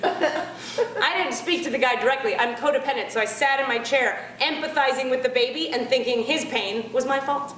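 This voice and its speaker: High-voiced, chatty woman comic. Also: normal speed, reverberant, crowd noise. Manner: chatty, animated, asks the audience. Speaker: stand-up comedian. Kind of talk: stand-up comedy.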